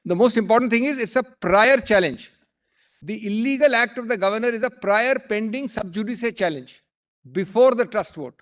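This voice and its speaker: A man's voice: high-pitched, normal speed. A man with an Indian English accent arguing formally and emphatically before a bench as a senior advocate, often addressing the judges as my lords. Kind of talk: courtroom argument.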